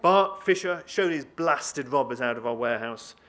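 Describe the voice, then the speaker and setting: A man voicing a bossy Dutch trading-post deputy who shouts furious orders. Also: medium pitch, expressive, moderate pace, natural voice. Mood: furious shouting.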